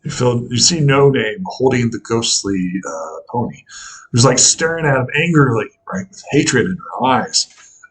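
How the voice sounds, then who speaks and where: Husky laid-back game master, a man. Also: medium pitch, lively intonation, measured pace, rough recording. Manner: laid-back, loose, conversational. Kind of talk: running a tabletop game.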